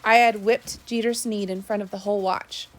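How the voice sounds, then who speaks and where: A woman's voice: medium pitch, moderate pace. Woman reading an audiobook. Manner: steady storytelling with small slips. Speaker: audiobook narrator. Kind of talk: first-person audiobook narration.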